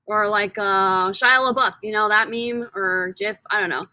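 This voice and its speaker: A woman teaching a casual lesson, energetic and playful, repeating words slowly for her students. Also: medium pitch, dry recording. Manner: energetic and playful, drawn-out repetitions. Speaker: Spanish teacher.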